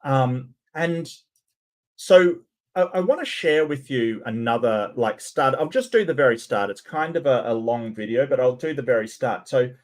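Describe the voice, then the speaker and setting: A man's voice: mid-range voice, moderate pace. A man doing sarcastic, incredulous commentary as host of his channel. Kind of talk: mocking commentary on clips.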